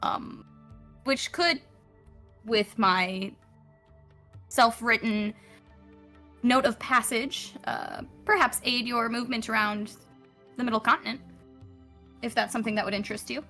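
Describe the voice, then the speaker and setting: A woman voicing a pompous, forgetful male city councilor in a tabletop game, with grandiose, drawn-out speech. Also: on the high side, bright, forceful tone, faint music behind. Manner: grandiose, drawn-out, slightly flustered. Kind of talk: tabletop role-play voice.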